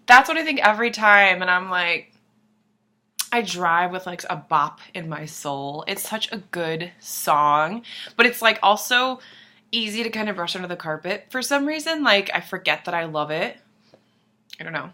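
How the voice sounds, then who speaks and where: A young woman chatting to camera in a gushing, excitable way, swearing, dropping into whispers and bursting into squeals. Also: medium pitch, unhurried. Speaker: vlogger. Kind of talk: casual chat to camera.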